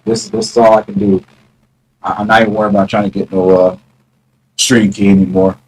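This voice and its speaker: A man's voice: on the low side, flat delivery, slight background noise, low-quality recording. Rambling man chatting on a live stream. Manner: rambling, greets chat viewers by name; mock-challenging, drawn-out taunts. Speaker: livestreamer. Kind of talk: casual live stream chat. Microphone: phone.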